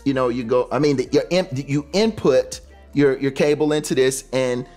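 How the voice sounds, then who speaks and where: A man who plays the talk box, a guest explaining it in casual, enthusiastic talk with relaxed slang. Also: medium pitch, normal speed, faint music behind.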